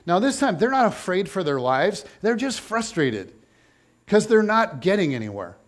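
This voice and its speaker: A man with a high, light voice delivering a sermon. He tells the story with playful humor and voices the people in it as he goes. His pitch climbs and falls often as he talks. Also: normal speed. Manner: animated, jokey storytelling with voiced asides. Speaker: pastor.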